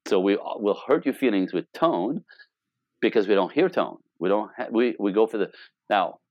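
A man's voice: fairly low pitch, expressive, normal speed, dry recording, lo-fi sound. A middle-aged man coaching on relationships in casual talk, acting out quoted dialogue with playful exaggeration and swearing freely.

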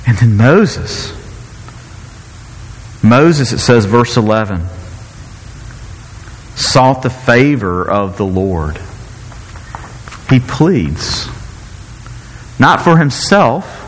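Animated male preacher in a hall. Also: mid-range voice, drawn-out words, long pauses, slightly rough. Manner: animated, self-interrupting, playful asides. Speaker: pastor. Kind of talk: sermon.

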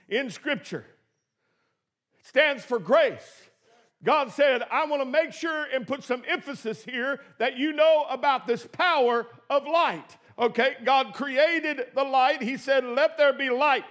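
A man preaching a sermon as pastor, emphatic, swinging between shouted praise and quiet asides. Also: very high voice, a little slow.

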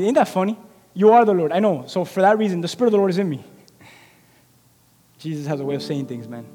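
A male pastor with a high voice delivers a sermon, rising to loud cries and then falling to quiet asides, with "man" sprinkled through his speech. His voice rings out in a long hall reverb. Soft piano and guitar play underneath. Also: fast. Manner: repeats the filler word "man". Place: church sanctuary.

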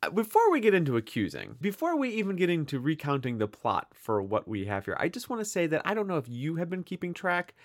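A man's voice: on the high side, fast, few pauses, dry recording, studio quality. An American man co-hosting a podcast in casual chat, joking and cutting himself off. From United States. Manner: animated, self-interrupting, joking. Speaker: podcast co-host.

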